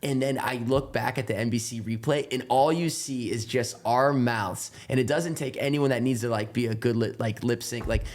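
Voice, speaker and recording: A man's voice: medium pitch, steady tone, normal speed, hardly any pauses, darkish tone. An American man telling stories as a podcast guest, rambling and filling with "like," swearing casually. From United States. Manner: rambling, heavy use of "like", restarts sentences, swears casually. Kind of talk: casual interview storytelling.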